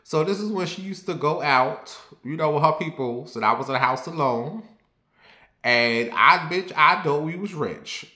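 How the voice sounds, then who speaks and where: A young man chatting candidly to his viewers, confiding and rambling, then lively and sassy when he tells a story. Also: fairly high pitch, moderate pace. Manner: turns lively and sassy when telling stories. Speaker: vlogger. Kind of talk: casual personal chat to camera. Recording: roomy echo.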